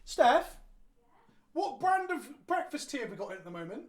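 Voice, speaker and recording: English man, lively up-and-down voice, rambling, sweary, streamer chat. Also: very high-pitched, moderate pace, slightly rough. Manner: rambling, sweary, self-mocking banter. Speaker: Magic card game content creator. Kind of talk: casual chat on a live stream.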